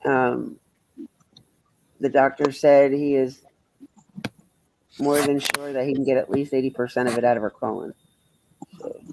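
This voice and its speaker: A man's voice: medium pitch, flat delivery, measured pace, creaky, pauses often, darkish tone, a little hiss or hum, rough recording. Blunt, profane man livestreaming. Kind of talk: casual livestream chat answering viewers.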